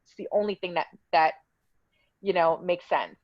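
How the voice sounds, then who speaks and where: A woman's voice: fairly low pitch, moderate pace, dry recording, highs cut off. A woman telling her own story in a casual interview, heated and indignant as she recounts dialogue.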